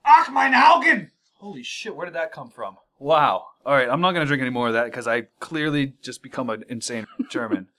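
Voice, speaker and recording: A man co-hosting a casual beer-tasting podcast, joking and breaking into loud sudden outbursts. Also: medium pitch, a little fast, few pauses. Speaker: podcast co-host. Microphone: studio microphone.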